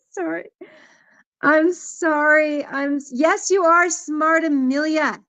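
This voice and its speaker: A woman's voice: sits high, slow pace, a bit bright, no echo, low-quality recording. A woman hosting a live stream, chatting casually and teasing people in the chat, her voice worn out. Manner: playful, teasing, reads chat names aloud.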